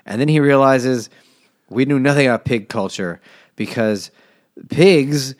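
A man's voice: medium pitch, darkish tone, dry recording. A man casually recapping a novel's plot with wry, dry humor and silly voiced asides. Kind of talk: casual comedic book recap.

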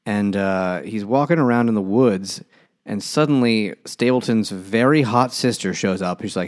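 Male podcast co-host, lowish voice, crude jokey recap. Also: moderate pace. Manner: crude, jokey, acts out characters while recapping. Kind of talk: casual chat.

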